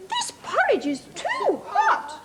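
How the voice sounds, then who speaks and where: A tiny squeaky Baby Bear. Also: female voice, huge pitch swings, takes it slowly, exaggerated voice. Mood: whiny. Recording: hissy old 1980s TV tape.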